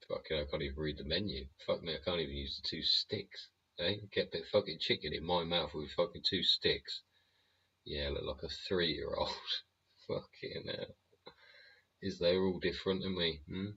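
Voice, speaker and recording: Husky, deep-voiced man ranting. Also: normal speed, pauses often, pushed and bright. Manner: sweary, rambling, constant tag questions, chuckling. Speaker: show host. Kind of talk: casual ranting monologue. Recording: dull lo-fi recording.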